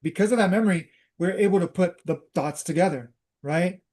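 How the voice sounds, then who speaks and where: A man's voice: high voice, fairly quick, darkish tone. A man hosting a talk, casually telling a personal story and drifting into spiritual teaching, with many fillers and restarts. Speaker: host.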